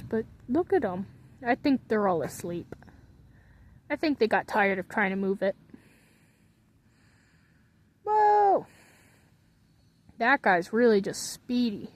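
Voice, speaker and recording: A woman's voice: a little high, animated, a little slow, long pauses. A woman idly rambling to herself from her bunk bed in her bedroom, drifting from one thought to the next as she talks. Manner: muses aloud to herself, drifts between thoughts. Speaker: vlogger. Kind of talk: casual rambling commentary.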